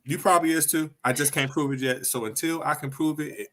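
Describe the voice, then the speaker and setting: A man's voice: on the high side, fairly even intonation, quick pace, a crowd in the background. Blunt, profane man on a podcast. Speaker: podcast co-host. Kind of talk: casual chat.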